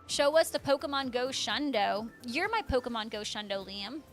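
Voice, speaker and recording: Bubbly high-voiced woman streamer. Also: lively intonation, normal speed, hardly any pauses, faint music behind. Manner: bubbly, gushing, reads viewer names aloud. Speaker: streamer reading chat. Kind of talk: casual livestream chat.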